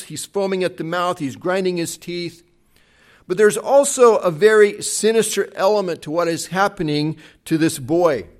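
A man preaching a sermon, retelling a Bible story with dramatic swings between loud acted quotes and soft, hushed passages. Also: sits high. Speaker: pastor.

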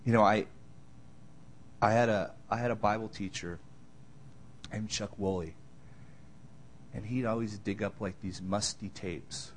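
A man preaching a sermon, moving between loud emphatic lines and quiet, tender asides. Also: lowish voice, steady tone, unhurried, long pauses, a little hiss or hum. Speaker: pastor.

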